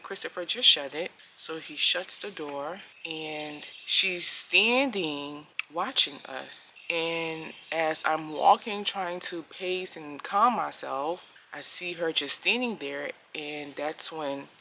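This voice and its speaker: A woman's voice: deep voice, bright, forceful tone, a little hiss or hum, poor audio. A woman telling a personal story casually to camera, earnest and emphatic, acting out the lines she quotes. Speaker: family vlogger.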